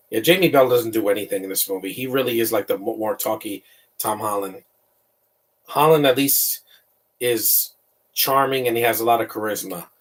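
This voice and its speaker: A man's voice: lowish voice, recorded from a distance. A man giving casual live film commentary, rambling and opinionated, often tripping over repeated words. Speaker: movie commentator.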